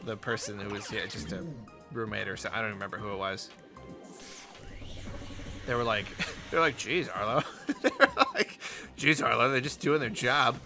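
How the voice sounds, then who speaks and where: A man telling a rambling, chatty story in casual commentary while he plays a game. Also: fairly high pitch. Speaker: gaming video host.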